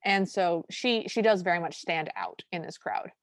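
A woman's voice: on the low side, normal speed, no echo. Chatty woman recapping a movie. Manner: chatty, enthusiastic, recounting scenes. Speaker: podcast co-host. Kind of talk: casual movie recap chat.

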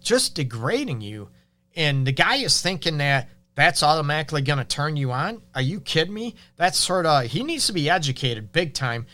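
Bright-voiced man giving frank advice. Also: fairly high pitch, very animated, normal speed. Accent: Detroit. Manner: frank, conversational, many fillers. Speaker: relationship advice show host. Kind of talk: casual advice talk.

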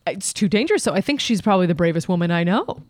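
A woman's voice: fairly low pitch, animated, very fast, a little mellow, no echo. Playful bantering young woman, dry close sound. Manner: playful, teasing, swears casually. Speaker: podcast co-host. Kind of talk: casual banter.

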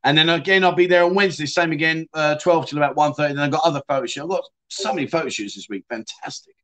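Bloke reading out chat on his livestream, slightly high voice, says mate a lot. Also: fast, a bit bright. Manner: chatty, swears, frequent "mate". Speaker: livestream host. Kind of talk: casual chat reading viewer comments.

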